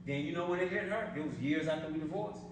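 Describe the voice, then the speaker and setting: A man's voice: on the high side, fast. A man giving a motivational sales presentation, telling stories in colloquial talk and laughing often. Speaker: business opportunity presenter. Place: event hall. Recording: echoey hall, distant mic, noise.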